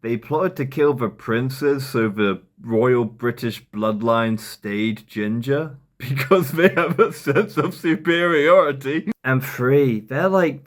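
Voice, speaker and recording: A man delivering sarcastic, mocking commentary on a podcast clip for a comedy video. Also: mid-range voice. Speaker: commentary YouTuber.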